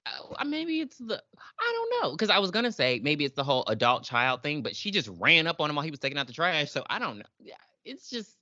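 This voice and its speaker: A woman's voice: low voice, wildly swooping pitch, fast talker, sharp tone, no room sound. Chatty woman podcast host, lo-fi. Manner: chatty, filler-heavy, acts out characters' lines. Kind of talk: casual review chat.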